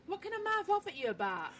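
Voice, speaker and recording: A woman's voice: very high voice, sing-song, a little fast, over a noisy crowd. An English woman co-hosting a casual chat show, teasing cheekily and laughing often. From England. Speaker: co-host.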